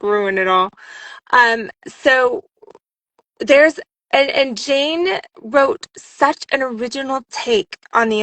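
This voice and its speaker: A woman voice actress chatting in an interview, talking fast and rambling, with many restarts. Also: a little high, fairly bright tone, no echo. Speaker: voice actress and audiobook narrator, guest. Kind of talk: casual interview chat.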